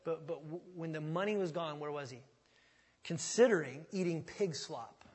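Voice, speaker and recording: At a moderate pace, a pastor with a slightly high, somewhat mellow and slightly rough voice preaches an expository sermon. He speaks in a folksy, conversational way, frequently restarting words as he thinks aloud, in the long reverb of a large hall.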